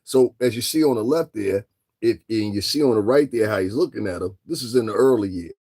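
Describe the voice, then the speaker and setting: A man's voice: on the low side, brisk, mellow, breathy edge. A man giving casual commentary as a vlogger, talking straight to his listeners and firing off taunting rhetorical questions. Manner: addresses listeners directly.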